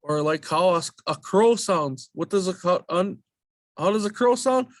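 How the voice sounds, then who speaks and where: Guy slowly drilling vowel sounds, repeats every word, dry close sound. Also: high-pitched, lively intonation, no room sound. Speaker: language teacher. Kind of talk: slow spoken language lesson.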